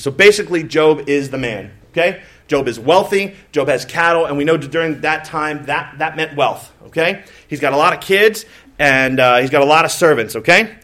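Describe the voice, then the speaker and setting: A man's voice: a little high, moderate pace, pushed and bright. A male pastor preaching a sermon. He tells candid, self-mocking stories, acts out his own complaints, and turns to talk directly to his congregation. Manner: candid, self-mocking storytelling with acted-out quotes; talks directly to the congregation with asides.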